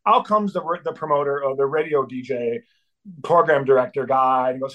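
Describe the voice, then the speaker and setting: A man's voice: mid-range voice, fairly quick, fairly bright tone, low-quality recording. A middle-aged man, a band's drummer, telling a wild tour story as a guest, swearing freely and acting out the voices of the people in it. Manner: swearing, acts out voices in quotes. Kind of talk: animated storytelling.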